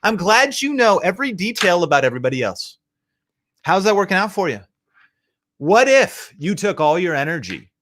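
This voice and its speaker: A man's voice: fairly high pitch, fairly bright tone. A man hosting a motivational live show, talking in a punchy, fired-up, slangy way. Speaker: show host. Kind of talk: motivational livestream talk.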